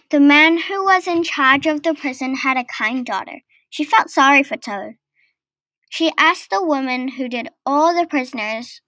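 Brief: female storyteller, high voice, unhurried reading of a children's story. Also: no echo. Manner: gentle, deliberate storybook reading.

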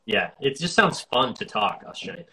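An American man hosts an easygoing interview in a bright, forward voice. He rambles in a friendly way, looping through fillers and restarts as he works toward his questions. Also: medium pitch, expressive, moderate pace, slight background noise, low-quality recording. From United States. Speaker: podcast host. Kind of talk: casual interview chat.

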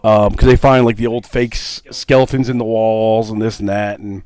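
A man's voice: lowish voice, flat delivery, moderate pace, a little mellow, smooth, poor audio. A man co-hosting a casual movie review podcast, rambling with lots of fillers and frequent laughter. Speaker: podcast co-host.

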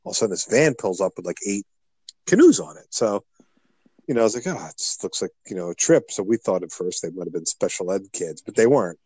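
A middle-aged man co-hosting a podcast, telling a rambling, animated story in casual chat. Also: lowish voice, quick pace, slightly rough, no echo, poor audio. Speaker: podcast co-host.

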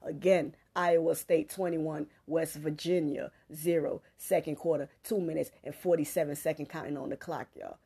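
A woman's voice: low-pitched, fairly even intonation, moderate pace, creaky, hardly any pauses, dark tone, slightly rough. A woman hosting a sports podcast, reading scores in a loose, slangy, playful way and slipping into a preachy tone. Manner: loose and playful, slangy, laughing, drops into a gospel tone. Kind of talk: casual sports chat. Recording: music playing underneath. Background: music.

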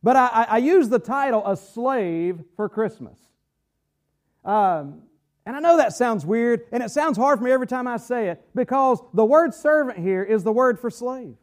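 High-voiced man teaching a Bible study. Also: expressive. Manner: earnest, slows down hard to stress key phrases; reads scripture aloud with measured weight. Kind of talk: sermon-style Bible teaching.

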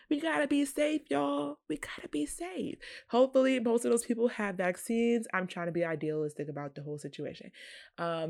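A woman in her twenties hosting a solo podcast, talking to her listeners in a chatty, earnest way. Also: lowish voice. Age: 20s. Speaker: podcast host. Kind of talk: casual solo podcast talk.

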